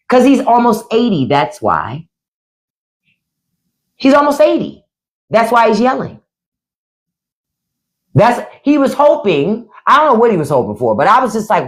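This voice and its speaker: A woman's voice: on the high side, sing-song, normal speed. A middle-aged woman hosting a livestream of casual political commentary, blunt and profane, often mimicking the people she talks about. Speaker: livestream host.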